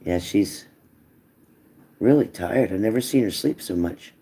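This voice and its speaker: A man's voice: lowish voice, unhurried, warm tone. A man hosting a tarot live stream in a casual, chatty way, reading out viewer comments and answering them earnestly.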